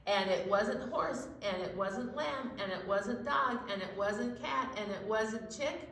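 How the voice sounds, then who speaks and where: A woman leading a children's library storytime, singing simple songs and talking in a cheery, sing-song way, slow and clear for little ones. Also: on the high side, lively intonation, fairly bright tone, slight background noise. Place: library program room. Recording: echoey room, voice far from mic.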